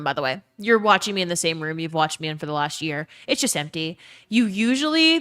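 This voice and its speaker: A young streamer chats casually from the bare bedroom she has cleared out, ranting, cursing often, and reading viewers' messages aloud. She speaks in a mid-range voice with a slightly bright edge.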